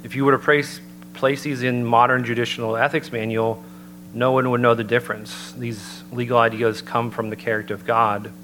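A man giving an earnest, measured sermon-style talk and citing scripture as he builds his points. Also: mid-range voice, level tone, a bit bright, poor audio. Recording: noticeable background hum.

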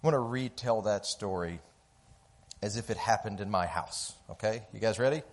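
A man's voice: fairly low pitch, normal speed. A man telling a parable to a live audience, acting out the characters' voices. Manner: animated, acts out the voices of characters. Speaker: speaker telling a story to an audience. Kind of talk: storytelling talk.

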